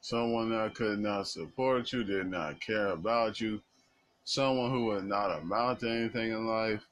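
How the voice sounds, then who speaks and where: A man's voice: lowish voice, measured pace, fairly bright tone, rough recording. A man giving an impassioned, blunt monologue in casual speech with slang.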